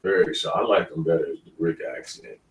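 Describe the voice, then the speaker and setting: A man, an actor guest in an interview, telling stories in a lively way and laughing often. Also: deep voice, fast talker. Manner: animated storyteller, laughs often. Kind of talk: casual interview talk. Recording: roomy studio, mic at a distance.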